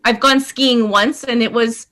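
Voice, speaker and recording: A woman guest on a casual podcast who talks in an animated, self-deprecating way. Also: a little high, unhurried. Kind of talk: casual chat.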